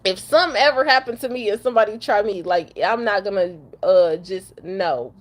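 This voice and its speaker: Speaking at normal speed in a mid-range voice, a young Detroit woman who works as a truck driver gives a blunt, emotional rant to camera after crying, cursing and repeating herself.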